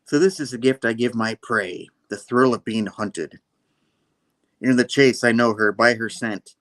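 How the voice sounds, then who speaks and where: A man reading out the inner thoughts of a brooding, relentless middle-aged male hunter in a measured way. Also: mid-range voice, fairly bright tone, lightly acted.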